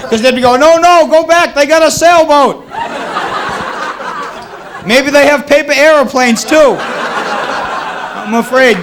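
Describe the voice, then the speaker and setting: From a 1980s cable TV taping comes a Boston-area comedian in his thirties, doing a wry set at his own expense as the club crowd laughs. His voice sits high against background noise.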